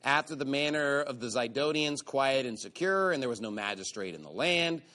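A male preacher giving a sermon, mocking and sarcastic, swinging between loud outbursts and low asides. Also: animated, moderate pace.

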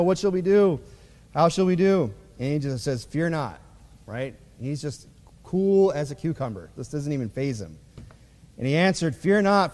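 A man delivers a sermon in a church, talking loosely and conversationally with plenty of fillers between passages of scripture he reads aloud. His mid-pitched voice carries a long reverb from the hall around him. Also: a little mellow. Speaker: preacher.

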